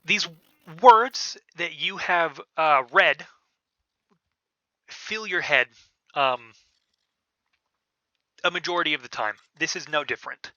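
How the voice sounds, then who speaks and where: Casual, halting game-master man. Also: fairly high pitch, pushed and bright, dry recording. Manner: casual, hesitant with many fillers. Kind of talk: narrating a tabletop game. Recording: dull, lo-fi podcast audio.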